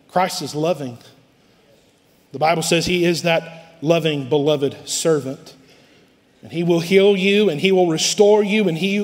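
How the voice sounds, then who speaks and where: A man preaching a sermon to his church, swelling loud and then dropping low. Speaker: pastor. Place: church sanctuary. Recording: live hall reverb.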